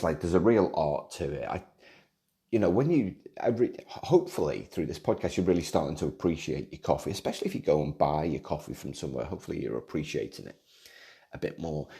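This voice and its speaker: Very deep-voiced, mellow rambling man. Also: gravelly. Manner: rambling, restarts and repeats words, self-deprecating humor. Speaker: podcast host. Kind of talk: casual solo podcast monologue.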